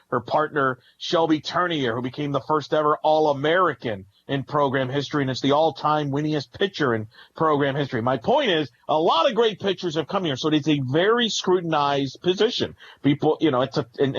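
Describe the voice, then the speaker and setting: A man's voice: a little high, muffled recording. A man co-hosting a sports podcast, talking through team records and stats in a rambling, analytical way. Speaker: podcast co-host. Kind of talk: casual sports talk.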